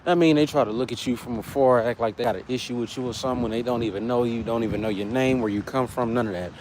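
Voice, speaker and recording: A man's voice: medium pitch, fast talker. An American man chatting casually with slang to livestream viewers while walking outdoors for cardio. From United States. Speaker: fitness vlogger. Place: outdoors on an urban street, walking. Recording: faint traffic noise outside.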